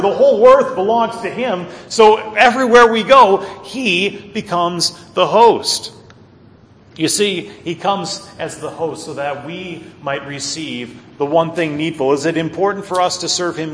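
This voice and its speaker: A pastor preaching a sermon with earnest emphasis, swinging between loud stresses and quiet low asides. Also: male voice, echoey room, long reverb tail.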